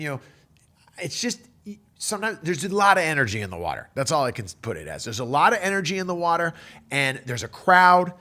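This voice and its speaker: A man telling a personal surfing story in a casual, animated way, full of surfer slang and fillers. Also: mid-range voice.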